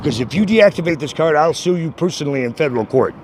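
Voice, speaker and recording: A man making an angry call to a bank, shouting and swearing constantly. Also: a little high, lively intonation, fast talker, slight background noise. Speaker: caller.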